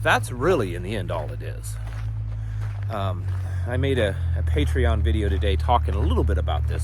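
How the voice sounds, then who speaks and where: Lively-voiced man musing aloud. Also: mid-range voice, a little hiss or hum. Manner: rambling, rhetorical questions, self-corrections. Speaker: homesteading channel host. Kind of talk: casual monologue.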